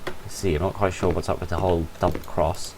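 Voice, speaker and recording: A man's voice: low-pitched, little pitch movement, fairly quick, noisy background. A tired man giving rambling, apologetic gameplay commentary and reading in-game notes aloud. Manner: rambling, self-interrupting, apologetic. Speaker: gamer playing a horror game.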